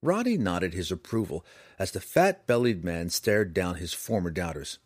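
Male audiobook narrator, low, husky, animated delivery, dry close recording. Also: normal speed, no echo. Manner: dramatic, expressive reading. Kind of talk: scripted fantasy narration.

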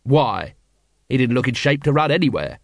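A man's voice: medium pitch, big pitch swings, moderate pace, dry recording. A man playing a weary, terse watch captain. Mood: wary. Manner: terse, dry, distracted. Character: weary, blunt middle-aged watch captain. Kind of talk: audiobook character reading.

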